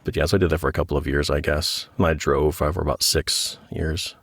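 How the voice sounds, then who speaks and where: Male guest, low register, lively self-mocking humor. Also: brisk, slightly rough, no room sound, clean studio sound. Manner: joking, self-deprecating, animated. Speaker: interview guest, audiobook narrator and author. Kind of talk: casual interview chat.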